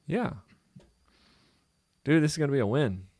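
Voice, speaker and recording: A man co-hosting a casual trading show, talking in loose, rambling banter full of jokes. His voice has a gravelly, creaky edge. The sound is dry and close, with no room echo. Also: a little high, lively intonation, moderate pace, a little mellow. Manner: joking, rambling, jumps into silly voices.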